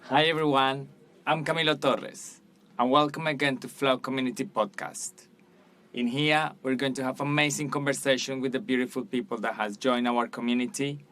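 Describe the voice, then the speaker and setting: A man's voice: medium pitch, fairly even intonation, normal speed, a bit bright. A man hosting a podcast, welcoming and upbeat, with loose phrasing. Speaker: podcast host. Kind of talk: casual interview hosting.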